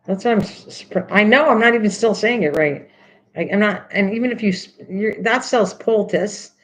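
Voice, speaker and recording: A woman's voice: mid-range voice, moderate pace, low-quality recording. An older woman hosting a craft video, chatting casually and teasingly, repeating words over and over while she works.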